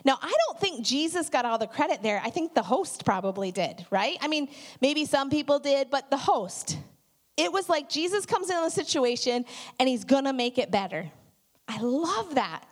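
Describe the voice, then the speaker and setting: A middle-aged woman giving a conversational sermon, telling animated stories with many asides. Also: sits high, moderate pace. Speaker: church speaker.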